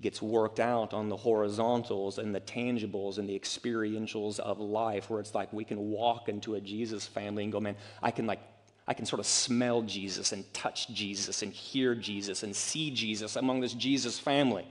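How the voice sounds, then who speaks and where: A man, a pastor, preaching a sermon in a casual, animated way, acting out quoted asides. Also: on the low side, moderate pace, in a large hall.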